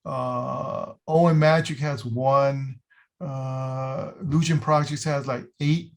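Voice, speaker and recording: A man telling stories in a casual interview, animated, acting out quotes with lots of fillers and restarts. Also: medium pitch, slow pace, creaky. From United States. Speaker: guest, illusion builder.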